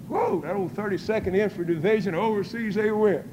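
An older man preaching a testimony sermon in folksy storytelling style, breaking into loud praise. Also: high voice, a little fast, few pauses, slight background noise, low-quality recording.

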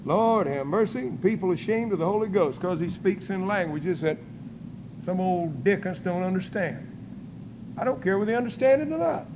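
An older man preaching a testimony sermon in folksy storytelling style, breaking into loud praise. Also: high voice, expressive, normal speed, noisy background.

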